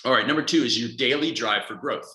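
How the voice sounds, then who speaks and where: Energetic man coaching, bright roomy voice. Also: mid-range voice, fairly quick. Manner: energetic, emphatic, acts out inner voices. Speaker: productivity coach. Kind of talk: motivational podcast monologue.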